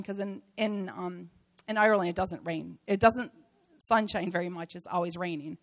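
A woman's voice: on the low side, fairly even intonation, moderate pace, vocal fry, rough recording. A woman giving a heartfelt church testimony about a mission trip, rambling with many fillers and restarts.

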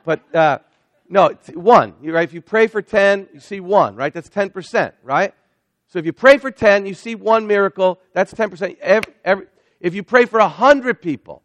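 A middle-aged man preaching an energetic sermon as a missionary, getting excited and building toward shouting. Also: high-pitched, moderate pace, dry recording.

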